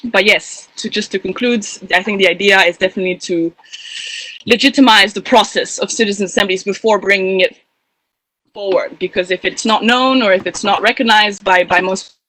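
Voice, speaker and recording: A woman's voice: medium pitch, fairly even intonation, a little fast, pushed and bright, no room sound, low-quality recording. A woman activist speaking on a panel, rambling a little with fillers and restarts. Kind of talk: casual spoken talk on a panel.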